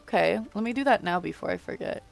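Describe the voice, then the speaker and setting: A woman streamer chatting casually with viewers in a raspy morning voice, rambling with lots of fillers and restarts. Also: lowish voice, animated, quick pace, soft background music. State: groggy morning voice, just woke up. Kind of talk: casual livestream chat with viewers.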